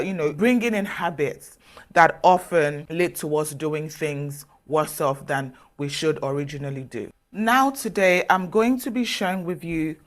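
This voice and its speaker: An earnest woman gives motivational advice straight to the listener. She speaks in a measured way with emphatic pauses and keeps coaxing her audience to take her word for it. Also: deep voice. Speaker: self-development speaker. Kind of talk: motivational advice talk to camera.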